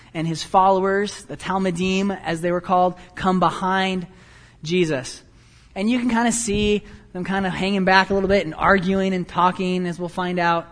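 A man preaching a sermon, animated and self-deprecating, telling stories with quick asides. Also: high-pitched, long reverb tail. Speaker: pastor.

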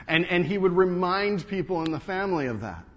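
A middle-aged man preaching a sermon as pastor, telling stories and moving between raised emphasis and hushed, low passages. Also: expressive, normal speed, breathy edge, in a large hall. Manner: storytelling, swings from raised to hushed.

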